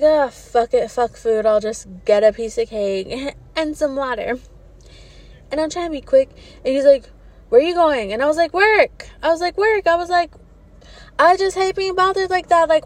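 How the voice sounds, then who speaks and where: A woman in her thirties telling a candid, profane, rambling story to her viewers in casual vlog style. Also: high voice. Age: 30s. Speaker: social media creator.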